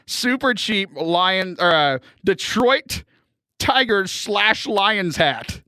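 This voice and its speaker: A man from Houston, hosting a podcast and chatting casually with animated storytelling and frequent laughter. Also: sits high, slow, clean tone, no room sound, clean studio sound. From Houston, Texas. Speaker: podcast host. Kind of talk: casual chat.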